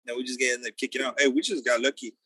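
A young man telling a wild story in loose, slangy casual chat, acting out the quotes loudly. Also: mid-range voice, little pitch movement, rapid-fire, slightly rough, no room sound.

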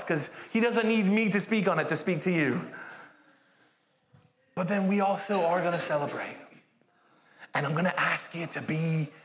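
A British man preaching a sermon in a church, with an animated, jokey and encouraging manner. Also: sits high. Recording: echoey church hall.

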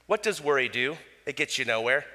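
A man preaching a sermon in a relaxed, conversational way, with casual asides and small chuckles. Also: medium pitch, a little fast, long reverb tail. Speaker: pastor.

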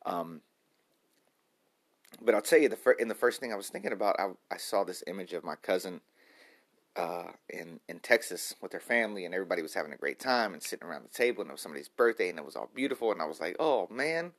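A man in his late thirties talking to camera in a rambling, self-reflective daily vlog, repeating himself as he thinks out loud. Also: low voice, expressive, fast. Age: 30s. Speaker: vlogger. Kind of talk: stream-of-consciousness daily vlog.

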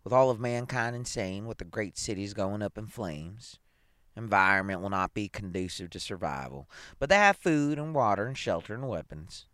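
A man's voice: fairly low pitch, animated, moderate pace, a bit bright, dry recording, studio quality. A man reading aloud, voicing a curious, wisecracking male newspaper columnist in a casual tone.

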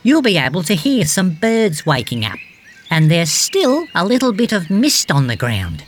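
A woman voicing a cheerful, fact-loving male green tree frog, gently guiding a children's storybook adventure and fond of silly jokes. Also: on the low side, huge pitch swings, normal speed.

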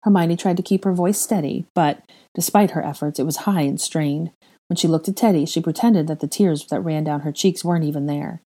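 Reading fan fiction aloud, a woman with a low, mellow, soft voice delivers a heavy story evenly and warmly without hurrying. When characters shout, she emotionally raises her voice sharply, leaping in pitch and volume.

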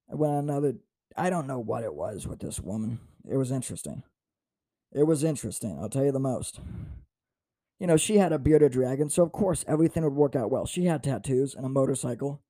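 A man's voice: medium pitch, expressive, fairly quick, dark tone, dry recording, clean studio sound. A man in his twenties, a stand-up comedian, telling self-mocking stories in a playful monologue with swings in volume. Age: 20s.

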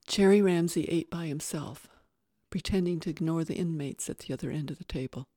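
An audiobook narrator reading a thriller in a measured, steady storytelling voice. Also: medium pitch, no room sound, clean studio sound.

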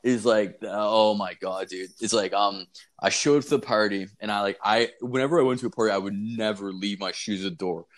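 A young man with a lowish voice co-hosts a casual podcast, spinning crude high-school stories. He swears constantly and breaks into laughter, animated and loose. The talk is unscripted and rambling. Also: brisk. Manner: profane, laughing, animated storytelling. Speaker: podcast co-host.

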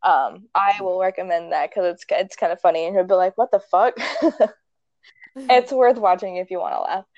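A woman's voice: fairly low pitch, moderate pace, a little mellow, no echo, dull audio. A young woman chatting casually, retelling a movie in a rambling way with many likes and ums and frequent laughs. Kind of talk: casual chat.

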